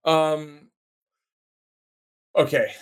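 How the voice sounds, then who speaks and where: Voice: mid-range voice, very slow, clean tone, dry recording. A game master narrating a tabletop game in a loose, rambling way, full of ums and likes. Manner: rambling, many ums and likes, laughs often.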